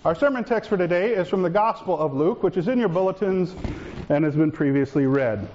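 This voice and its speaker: A man preaching a sermon as pastor, swinging between raised, urgent lines and hushed, calm ones. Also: high voice, brisk, lo-fi sound.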